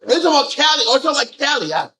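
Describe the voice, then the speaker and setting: A man leading a group scripture discussion, animated and firing off rhetorical questions. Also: very high-pitched, rapid-fire. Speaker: discussion leader.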